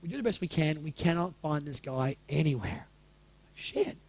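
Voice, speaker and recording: A man's voice: fairly high pitch, expressive, moderate pace, darkish tone, husky. A man in his forties telling a personal story to a live audience in a candid, casual way, swearing freely and asking the room questions. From Australia. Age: 40s.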